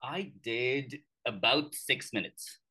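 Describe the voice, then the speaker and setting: A man's voice: medium pitch, takes it slowly, crowd noise. A man from India with an Indian English accent, a guest comedian in a casual chat who laughs often while telling stories.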